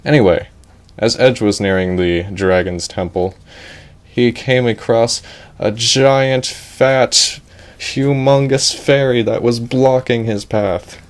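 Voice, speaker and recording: A man's voice: mid-range voice, takes it slowly. A man improvising a goofy comic story in a rambling, offhand way, breaking off for asides.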